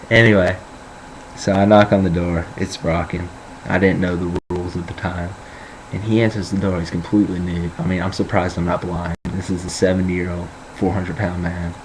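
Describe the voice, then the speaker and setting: A man's voice: sits low, little pitch movement, moderate pace, background noise. A young man rambling casually in a vlog, joking and boasting.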